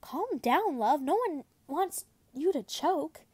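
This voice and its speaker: A woman reading the lines of a calm, protective teenage boy wizard, in a plain, close voice. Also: sits high, slow, dry recording, pitched above the performer's own voice. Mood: soothing. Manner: calm and soothing.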